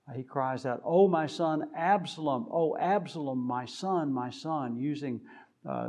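A man preaching a sermon, deliberate and measured with frequent pauses, building to emphatic rises on key points. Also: mid-range voice, vocal fry, darkish tone.

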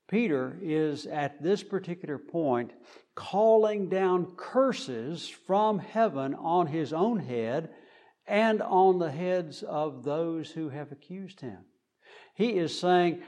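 A man preaching a sermon, speaking deliberately with frequent fillers. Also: on the high side, animated, darkish tone.

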